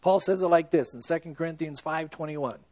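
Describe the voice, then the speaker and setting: A man preaching a sermon in an earnest, emphatic way, swinging between loud stresses and hushed, slow lines. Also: on the high side, no echo. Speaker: pastor.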